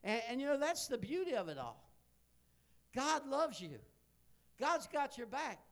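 Preacher, sixties, male, high voice; folksy sermon storyteller who builds to excited shouting. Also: unhurried. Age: 60s.

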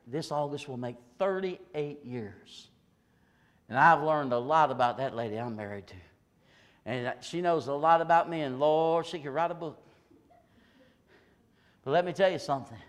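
An older man preaching a Pentecostal sermon in a church service, swinging from hollered peaks to low, confiding asides. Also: normal speed, long pauses, big-room sound. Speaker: pastor.

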